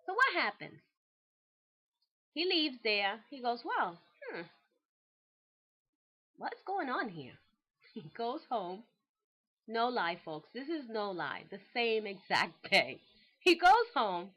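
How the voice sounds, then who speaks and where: A woman hosting a real estate show, casually telling a client's story in an animated, chatty way. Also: fairly high pitch, takes it slowly, pauses often. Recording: dull lo-fi recording.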